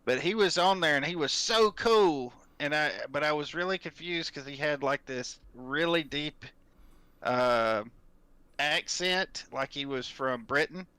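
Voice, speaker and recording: A man's voice: fairly high pitch, measured pace, sharp tone, smooth, no echo. A man chatting casually, joking and poking fun at himself. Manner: joking, self-mocking. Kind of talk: casual chat.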